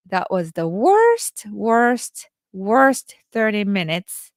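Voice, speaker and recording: Slow-talking woman life coach. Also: mid-range voice, sing-song, no room sound, studio quality. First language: Japanese. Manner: halting, many restarts and fillers. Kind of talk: casual storytelling monologue.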